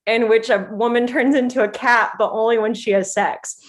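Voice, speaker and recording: A woman's voice: a little high, slight background noise. Chatty woman podcast co-host. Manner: animated, laughing, fast asides. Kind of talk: casual chat.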